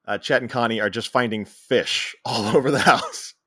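A man's voice: mid-range voice, normal speed, sharp tone, husky, dry recording, studio quality. A man co-hosting a podcast, casually retelling a film's scenes and quoting its lines. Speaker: podcast co-host. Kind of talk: casual movie recap chat.

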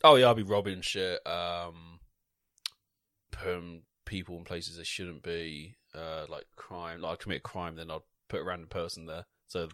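A man's voice: deep voice, steady tone, moderate pace, a bit bright, no echo, studio quality. A man co-hosting a casual podcast, trading crude jokes and banter. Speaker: podcast co-host. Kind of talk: casual chat. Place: small indoor room, drinking a pint.

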